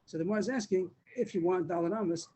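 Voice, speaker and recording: Fast-talking man teaching a Talmud class. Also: high voice, mellow, husky, low-quality recording. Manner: explains step by step, repeats words, many restarts. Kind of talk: Daf Yomi class. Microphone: video call.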